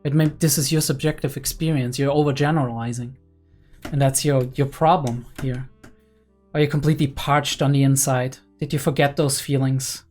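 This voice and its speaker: A young man talks through an anime episode in an easygoing reaction style. He is excited and analytical, and keeps adding "right?" and "like" as he thinks aloud. His voice sits in a middle range, with faint guitar music playing underneath. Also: mid-range voice, moderate pace. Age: young adult. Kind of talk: casual reaction commentary.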